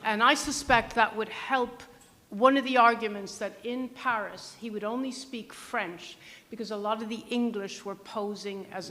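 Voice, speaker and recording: A woman musing aloud at a public history discussion in a conversational way. Her voice is bright and sharp and rings with a long reverb from the hall. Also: medium pitch.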